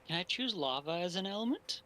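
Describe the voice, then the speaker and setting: A man's voice: sits high, expressive, a little fast, sharp tone, slight background noise, rough recording. A man playing a tabletop game, speaking hesitantly with lots of filler sounds. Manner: hesitant, lots of ums and uhs. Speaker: player. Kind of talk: casual tabletop game chat.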